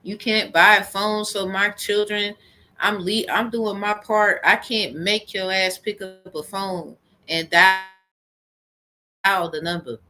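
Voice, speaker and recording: A woman's voice: medium pitch, fairly even intonation, takes it slowly, pushed and bright, slight background noise. A woman telling a rambling, profane story in a heated personal rant to camera. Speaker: vlogger.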